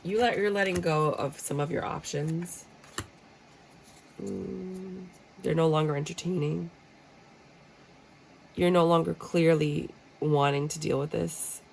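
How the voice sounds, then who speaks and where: Blunt, gravelly-voiced woman tarot reader. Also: deep voice, fairly even intonation, slow, pauses often, darkish tone, a little hiss or hum, rough recording. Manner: blunt, joking, acts out clients' reactions. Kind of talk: casual tarot reading. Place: room with a squeaky chair.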